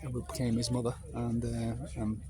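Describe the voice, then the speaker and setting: A man's voice: medium pitch, monotone, normal speed, background noise. A man in his fifties from North Wales with a North Welsh accent, telling casual anecdotes in a meandering, digressive way.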